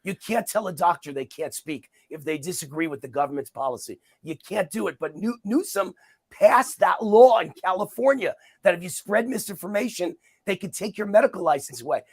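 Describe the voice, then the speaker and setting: A middle-aged man speaks in a high, gravelly voice with a husky edge. He argues his case in an interview, forceful and combative, driving each point home through repetition. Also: lively intonation, brisk. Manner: emphatic, combative, repeats points for emphasis. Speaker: interview guest, commentator. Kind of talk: heated political interview talk.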